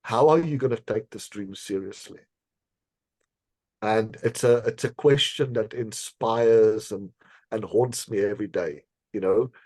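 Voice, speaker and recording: A man being interviewed on a podcast, telling a personal story in an earnest, measured way, with frequent fillers and small laughs. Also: on the low side, darkish tone, no room sound. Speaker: podcast guest, decision scientist.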